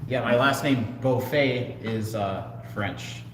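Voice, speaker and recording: A man's voice: medium pitch, slow pace, a bit bright. A man co-hosting a casual livestream talk show, chatting earnestly and easily with his co-host. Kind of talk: casual livestream chat reading comments. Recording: echoey room with faint noise.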